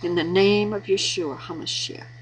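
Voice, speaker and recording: A woman's voice: on the low side, fairly even intonation, moderate pace, slight background noise, rough recording. A woman giving earnest, preachy marriage advice in an informal devotional talk, repeating words for emphasis. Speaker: Christian video blogger giving marriage advice.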